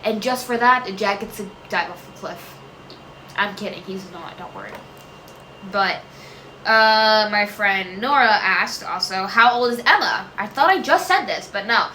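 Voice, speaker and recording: A woman's voice: mid-range voice, unhurried, sharp tone, echoey room, a little hiss or hum, rough recording. A woman answering viewer questions in a casual chat, rambling, often losing track, correcting herself and laughing.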